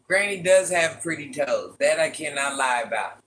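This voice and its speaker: Deep-voiced woman in chatty livestream talk. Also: lively intonation, moderate pace, a bit bright. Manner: chatty, playful, teasing. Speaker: livestream host. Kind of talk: casual chat reading viewer comments.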